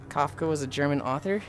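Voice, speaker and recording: A streamer chatting casually with viewers while walking on a treadmill, tired from the long walk, exasperated and sighing often. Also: medium pitch. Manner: exasperated, sighing often, reading and answering chat. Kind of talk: casual live-stream chat.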